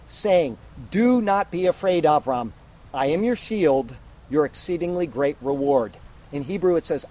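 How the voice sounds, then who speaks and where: Man preaching an emphatic, mellow sermon. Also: a little high, a little hiss or hum, low-quality recording. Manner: emphatic, teaching verse by verse. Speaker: pastor.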